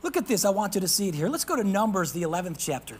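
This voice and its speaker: A man preaching a sermon as pastor. He reads scripture aloud, calls out to the congregation for responses, and swings from hushed whispers to loud emphasis. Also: high voice, very animated, rapid-fire, a little hiss or hum, low-quality recording. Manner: reads scripture in old-fashioned wording.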